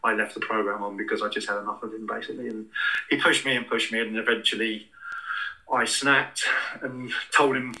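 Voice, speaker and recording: A man with a very bright, sharp and forceful voice, recounting his experiences at length as an interview guest. He rambles along casually, circling back and restarting his sentences as the story unfolds. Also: on the low side, level tone, brisk, poor audio. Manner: rambling anecdotal, many restarts and fillers.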